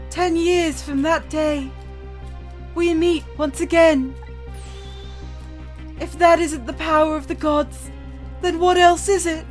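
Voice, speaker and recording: A woman lends a deep, put-on voice to a solemn man pondering the gods and fate. He speaks in slow, grave, measured lines. Faint music plays beneath him. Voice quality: low put-on voice. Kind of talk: reading game dialogue aloud.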